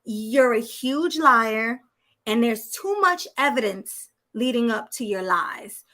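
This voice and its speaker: Woman co-host, bright forceful tone, slightly high voice, sassy and blunt, reads news then riffs. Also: lively intonation, slow pace. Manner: laughs often, blunt and sassy. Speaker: podcast co-host. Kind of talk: reading news aloud and casual chat.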